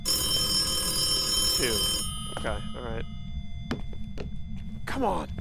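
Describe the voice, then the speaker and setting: Slow-talking man streaming a game. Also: medium pitch, sing-song, gravelly, heavy background noise. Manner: reacts aloud and chats with viewers. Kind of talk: live gameplay commentary.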